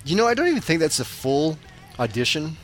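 A man hosting a podcast, chatting in a relaxed way, laughing and trailing off with fillers. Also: fairly high pitch, fairly quick, soft background music. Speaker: podcast host. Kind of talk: casual chat.

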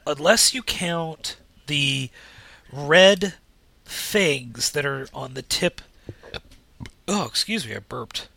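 A man's voice: a little high, animated, takes it slowly, pauses often, bright, forceful tone, no room sound. A man co-hosting a casual podcast while sick with a cold, his voice congested and drowsy from cold medicine, talking in a laid-back way. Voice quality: gravelly, congested. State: has a cold, groggy from cold medicine. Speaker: podcast co-host. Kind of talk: casual chat.

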